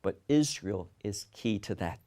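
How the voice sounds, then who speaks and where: A man's voice: lowish voice, expressive, measured pace, warm tone. A man teaching a Bible passage in sermon style, emphatic, often asking questions and answering them himself. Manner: emphatic, asks and answers his own questions.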